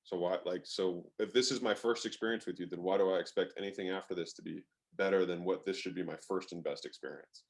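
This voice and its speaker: Male interview guest, lowish voice, emphatic and casual, drops the odd swear word. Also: fairly even intonation, fast, few pauses. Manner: emphatic, swears, many "like" fillers. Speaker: guest, sales expert.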